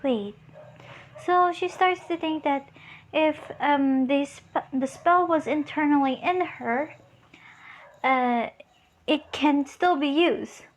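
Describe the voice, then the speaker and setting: A young woman makes up a fan story as she goes, pausing often and filling gaps. Her voice is high and she talks slowly. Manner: hesitant, many fillers. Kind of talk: improvised fan story narration.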